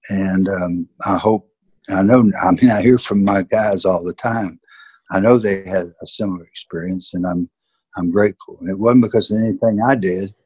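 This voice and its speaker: Older Southern man, husky and earnest. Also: sits low, steady tone, moderate pace, darkish tone, no room sound. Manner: earnest, emphatic. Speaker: former football coach, interview guest. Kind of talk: reflective storytelling in an interview.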